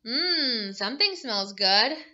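A woman's voice: fairly high pitch, lively intonation, slow pace, bright, forceful tone, highs cut off, heavily acted. A woman voicing a scruffy, hungry stray dog eyeing a snack. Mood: greedy.

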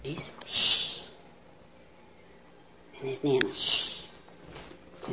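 Heavy background noise and music surround a woman whose voice is extremely low, slow and full of pauses. She's talking to her pet parrot in a baby voice, sounding exasperated as she coaxes it and scolds it with sing-song comments.

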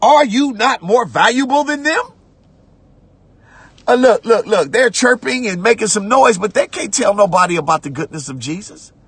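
A man preaching a sermon as pastor, repeating phrases and breaking into shouts while reading scripture. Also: high-pitched, animated, normal speed, breathy edge, no echo. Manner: preaching with repetitions, rising to shouts; conversational church talk, "watch this".

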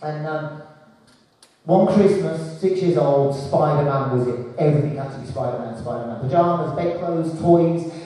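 A man's voice: fairly high pitch, normal speed, dark tone, far from the mic. Man in his forties doing stand-up in an echoey hall. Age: 40s. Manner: storytelling with acted-out voices. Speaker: stand-up comedian. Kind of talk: stand-up comedy set. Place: comedy club stage.

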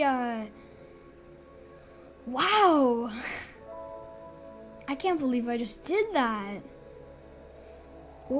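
A woman with a notably high voice talks through her gameplay in a chatty, excitable way, rambling as she goes. She speaks into a desk microphone, and clear music plays underneath her voice. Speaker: gaming YouTuber. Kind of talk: gameplay commentary. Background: background music.

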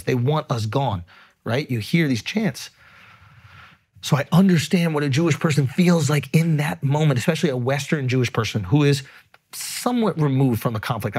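A man's voice: mid-range voice, a little mellow, husky. A man talking earnestly and emphatically in a casual podcast conversation, swearing freely. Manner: emphatic, earnest, frequent profanity. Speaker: podcast guest. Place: podcast studio.

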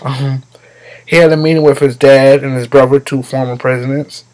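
A man's voice: mid-range voice, fairly even intonation, a little fast, darkish tone, rough recording. Male show host, mid-range voice, blunt and mocking in a profane comic rant. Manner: blunt, mocking, swears freely. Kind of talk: comedic commentary monologue.

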